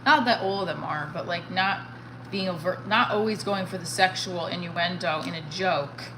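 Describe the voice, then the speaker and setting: A woman stand-up comedian chatting casually on a livestream, excitable and swearing freely. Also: lowish voice, normal speed, echoey room, background noise.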